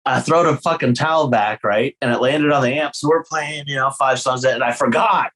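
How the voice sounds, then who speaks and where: A man telling tour stories with a lot of energy, his pitch jumping high whenever he acts out what someone said. He swears freely and laughs through his own stories, a musician in a loose podcast chat. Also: brisk, a bit bright, rough recording. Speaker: guest guitarist.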